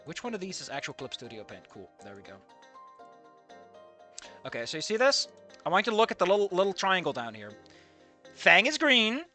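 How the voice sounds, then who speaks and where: A streamer reacting to a fan comic in casual live commentary, excitable and swearing, jumping between shouted outbursts and low muttering. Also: brisk, long pauses, faint music behind.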